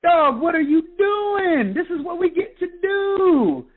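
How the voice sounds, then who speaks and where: A man impersonating his excited male sponsor, loud and slow on a phone line. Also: very high voice, slight background noise, voice pushed up, exaggerated voice. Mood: hyped.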